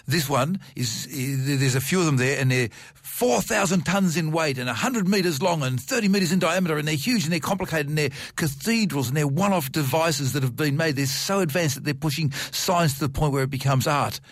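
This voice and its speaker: Animated radio science man. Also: fairly high pitch, a little fast, few pauses, no room sound, clean studio sound. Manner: animated, piles up vivid examples. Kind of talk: enthusiastic radio science chat. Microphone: studio microphone.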